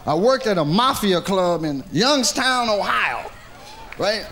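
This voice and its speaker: Animated gravelly stand-up comedian. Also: male voice, high-pitched, slow pace, slight background noise. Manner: animated, profane, acts out every character. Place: comedy stage, archive recording.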